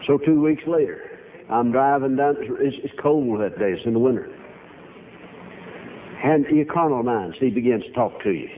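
An older man preaching a sermon, telling folksy, animated stories full of quoted dialogue. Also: medium pitch, moderate pace, pauses often. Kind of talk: storytelling sermon. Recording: tinny phone-like archive recording, faint hiss.

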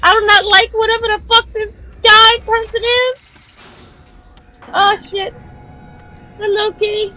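A young woman streaming a horror game, cursing, yelling at the screen and laughing nervously as she plays. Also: very high-pitched, flat delivery, measured pace, long pauses, poor audio. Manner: laughs nervously between jumps. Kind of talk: live gameplay commentary.

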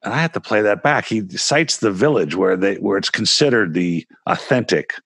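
Low-voiced chatty interview host. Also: male voice, lively intonation, normal speed, vocal fry, fairly bright tone, slightly rough, no room sound. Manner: rambling, chatty. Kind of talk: casual interview.

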